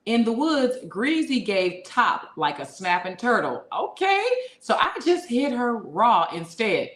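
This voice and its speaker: A woman co-hosting a casual podcast, reading listener comments aloud and reacting with quick jokes. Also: a little high, sing-song, a bit bright. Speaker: podcast co-host. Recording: roomy echo.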